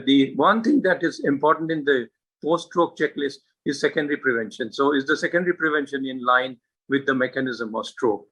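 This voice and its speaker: A man giving an earnest medical talk to colleagues, stressing points with many pauses and fillers. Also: medium pitch, bright, forceful tone, slightly rough, poor audio. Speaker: stroke specialist speaker.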